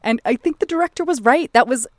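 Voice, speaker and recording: A woman's voice: high-pitched, quick pace, darkish tone, no echo, studio quality. A woman co-hosting a podcast, talking casually about a film in an effusive, emotional way. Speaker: podcast co-host.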